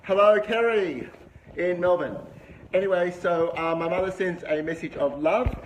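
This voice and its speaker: A middle-aged man hosts a livestream, talking in a chatty, upbeat way and calling out viewers by name. His voice sits a little on the high side. Steady noise from the phone recording runs underneath. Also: normal speed. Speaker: livestream host. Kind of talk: live-streamed vlog chat. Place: indoor room with a window view. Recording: noisy livestream audio.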